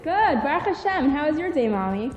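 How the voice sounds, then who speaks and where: A woman's voice: fairly high pitch, normal speed, warm tone, natural voice. A woman doing a sweet, polite daughter. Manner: sweet, grateful, apologetic. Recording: echoey hall, dull lo-fi sound.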